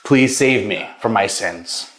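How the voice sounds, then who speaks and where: A man's voice: lowish voice, slow pace, fairly bright tone, reverberant, a little hiss or hum. A man voicing a remorseful tax collector who humbly begs God for forgiveness. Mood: pleading. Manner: pleading, humble.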